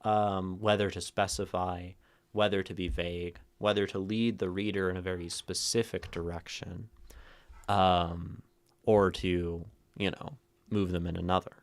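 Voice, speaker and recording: A man hosting a poetry livestream, thinking out loud to chat, shifting word stress and checking in with "right?". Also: low-pitched, little pitch movement, a little slow. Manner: thoughtful, tags phrases with "right?"; plays with stress, rereading lines different ways. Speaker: streamer hosting a poetry reading. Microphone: streaming mic and camera.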